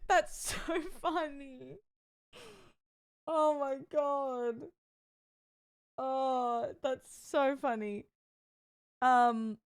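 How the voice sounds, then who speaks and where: A woman's voice: high-pitched, drawn-out words, long pauses. A woman streamer chatting casually with her viewers and reacting to videos with frequent laughter and amused exclamations. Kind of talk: casual live-stream chat, reacting to clips.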